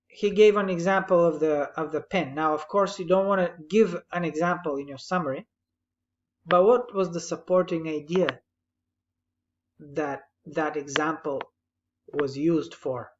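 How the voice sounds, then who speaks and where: Brief: patient writing tutor giving feedback on a summary, slightly dull lo-fi recording with faint background noise. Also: mid-range voice. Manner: patient, explanatory, gently correcting. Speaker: English writing teacher.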